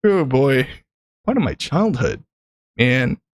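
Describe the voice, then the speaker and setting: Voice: mid-range voice, big pitch swings, slow pace, dry recording, clean studio sound. A streamer in casual chat about voice acting, rambling and chatty with many fillers.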